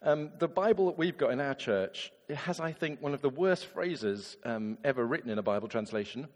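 A man, a vicar giving a chatty, animated sermon and acting out quotes in different voices. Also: medium pitch, brisk, long reverb tail. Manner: lively, conversational preaching with acted-out quotes.

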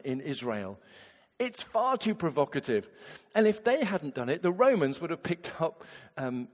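A man, a vicar giving a chatty, animated sermon and acting out quotes in different voices. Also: a little high, long reverb tail. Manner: lively, conversational preaching with acted-out quotes.

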